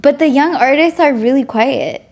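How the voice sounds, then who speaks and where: Brief: chatty woman podcast host, upbeat, fairly high voice. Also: normal speed, a little mellow. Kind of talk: casual chat.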